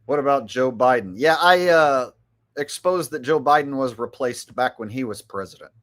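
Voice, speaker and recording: A man's voice: medium pitch, lively intonation, moderate pace, a bit bright. A middle-aged man giving rambling, mocking commentary on his live stream. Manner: rambling, mocking, with filler words.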